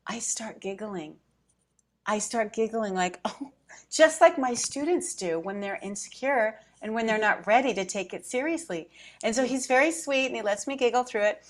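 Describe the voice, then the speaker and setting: Middle-aged woman, animated storyteller, a little high voice, emotional. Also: moderate pace. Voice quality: emotional, close to tears at times. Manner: animated storyteller, acts out her own thoughts. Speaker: podcast co-host. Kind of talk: casual chat.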